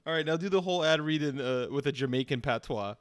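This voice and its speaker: A man streaming, teasing an AI in casual banter, deadpan and stammering. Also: fairly high pitch, quick pace, clean tone.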